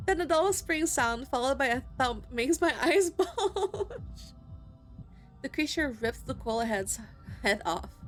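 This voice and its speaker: A woman streamer reading a dating-sim story aloud in an expressive, giggly way, breaking into excited squeals between lines. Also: on the high side. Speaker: gaming streamer. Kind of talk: reading a visual novel aloud.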